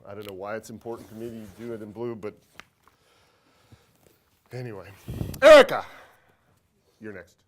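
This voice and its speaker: A man teaching an accounting class, talking fast and joking with students, his throat dry from talking. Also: on the low side, steady tone, darkish tone. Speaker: accounting instructor. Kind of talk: classroom lecture.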